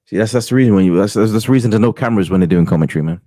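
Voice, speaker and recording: Deep chill guy doing football commentary, jokey, dry sound no room. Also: rapid-fire, warm tone, dry recording. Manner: laid-back, jokey side remarks. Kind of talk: casual live football commentary.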